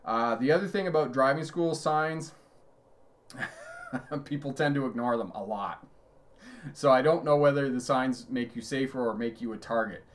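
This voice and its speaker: A man's voice: mid-range voice, moderate pace, pauses often. A middle-aged man, a driving instructor, giving a live lesson, telling road stories with chuckles and reading out viewer questions. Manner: conversational, storytelling with chuckles. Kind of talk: live-streamed lesson answering chat.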